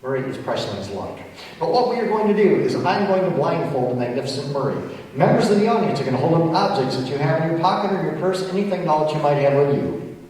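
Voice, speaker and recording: Playful stage hypnotist, echoey hall. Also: male voice, fairly high pitch, lively intonation, darkish tone, slight background noise. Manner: playful, commanding, slows into soothing suggestions. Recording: distant echoey hall recording.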